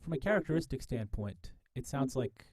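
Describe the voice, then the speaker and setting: Dark-voiced man lecturing, dry close mic. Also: mid-range voice, lively intonation, dry recording. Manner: thinking aloud, halting restarts, repeated mic tests. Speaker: music professor. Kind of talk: live lecture demonstration.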